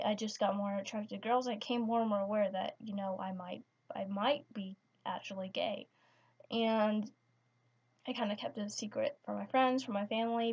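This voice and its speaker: Hesitant teenage girl, lo-fi sound. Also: mid-range voice. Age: teens. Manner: hesitant, many restarts and fillers. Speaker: vlogger. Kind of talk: personal story vlog. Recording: slightly dull lo-fi sound.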